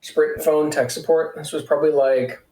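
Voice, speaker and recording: Roomy, animated man streamer. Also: on the high side, moderate pace, a little hiss or hum. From Texas, United States. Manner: animated storyteller, swears freely. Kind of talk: casual live-stream chat. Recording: roomy echo.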